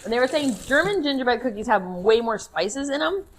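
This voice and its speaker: A woman's voice: fairly quick, slight background noise. A woman co-hosting a homestead channel, chatting casually in her kitchen while tasting cookies. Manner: chatty, giggly, lively pitch. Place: home kitchen.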